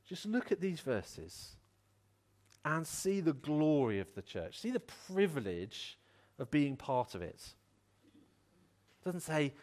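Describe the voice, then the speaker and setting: A man preaching a sermon with a fairly high voice that rises and falls widely. He speaks earnestly and encouragingly, and he brings his points to life by acting out the voices in his stories. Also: takes it slowly, long pauses. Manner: animated, acts out voices in a story.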